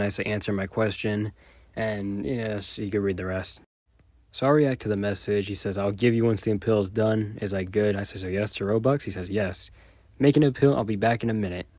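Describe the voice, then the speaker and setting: A man retelling a chat exchange in a sarcastic, deadpan commentary style. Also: lowish voice, no echo, clean studio sound. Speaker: video creator.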